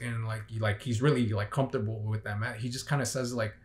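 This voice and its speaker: A man's voice: mid-range voice, steady tone, brisk, darkish tone. A young man giving a casual, unscripted movie review, rambling with many fillers and restarts. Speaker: film reviewer.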